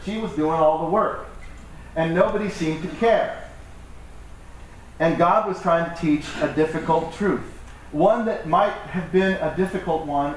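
A man's voice: on the high side, a little hiss or hum. Echoey man preaching from afar. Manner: conversational, joking, acts out quoted voices. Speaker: pastor. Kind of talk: sermon. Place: church hall. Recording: echoey hall from far off with faint ambience.

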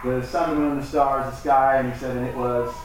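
A man's voice: medium pitch, little pitch movement, brisk, background noise. A male pastor giving a conversational, joking sermon to his church and acting out voices in the stories he tells. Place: church hall. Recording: echoey hall from far off with faint ambience.

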